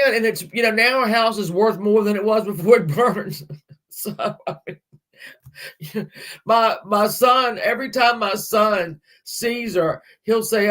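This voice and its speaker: A woman's voice: mid-range voice, measured pace, a bit bright. Rambling, chatty middle-aged woman. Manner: rambling, chatty, laughs often, swears casually. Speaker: livestream host. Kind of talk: casual livestream chat.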